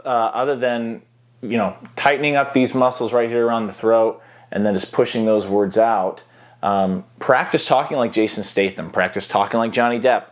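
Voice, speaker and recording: A man explaining voice acting in a casual how-to tutorial, easygoing and explanatory, now and then breaking into short character demos. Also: on the low side.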